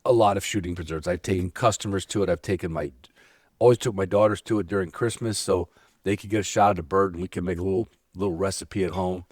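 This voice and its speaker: A man's voice: deep voice, fairly even intonation, fast talker, no echo, studio quality. A man from Illinois hosting a casual podcast chat, rambling and joking and often restarting his sentences. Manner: rambling, jokey, talks over himself. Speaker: podcast host. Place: indoors at a hunting preserve.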